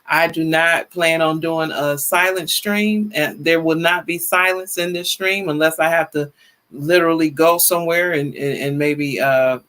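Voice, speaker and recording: A woman in her fifties hosting a casual livestream, chatty and lively, greeting viewers by name and often repeating herself in colloquial phrasing. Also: sits low, a little slow. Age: 50s. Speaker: livestream talk show host. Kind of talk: casual livestream chat, reading viewer comments.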